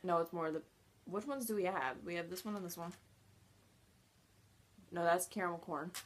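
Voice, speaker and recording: A woman's voice: lowish voice, moderate pace. A young woman vlogger chatting casually at home, prone to squealing dramatic disgust. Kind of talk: casual chat, jelly bean challenge.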